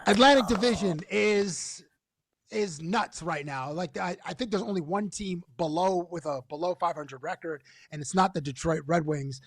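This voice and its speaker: A self-mocking man on a sports podcast, with a notably high voice for a man. He chats casually and jokes at his own expense. The sound is dry and close. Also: normal speed, dry recording. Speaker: podcast co-host. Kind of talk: casual sports chat with comic singing.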